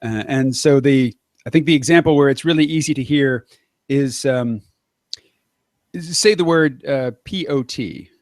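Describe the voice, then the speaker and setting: Measured American man, dry close sound. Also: mid-range voice, no echo. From United States. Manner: measured, explanatory, with hesitant fillers. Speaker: conversation partner. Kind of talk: casual chat.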